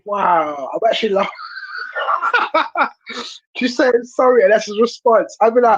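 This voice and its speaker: A woman hosts a casual stream chat, blunt and incredulous, swearing freely as she reacts. Her voice sits at a middling pitch. The audio is dull and lo-fi. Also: lively intonation, normal speed, pauses often, breathy edge, no room sound. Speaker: stream host.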